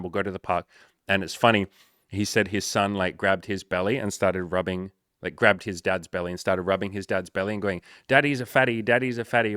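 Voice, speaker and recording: A man with a lowish voice talks like a life coach in a loose, profane monologue, acting out back-and-forth dialogue with mounting energy. The sound is dry and close, with no room around it. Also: dry recording. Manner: animated, swears often, acts out dialogue with rising energy.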